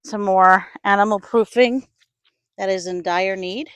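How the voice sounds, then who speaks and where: A woman from upstate New York talking to her camera while she tends her garden, sighing, hesitant and thinking out loud. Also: medium pitch, steady tone, a little slow, dry recording. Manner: sighing, hesitant, talks to herself while working. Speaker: gardening vlogger. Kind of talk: casual vlog narration. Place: outdoor garden.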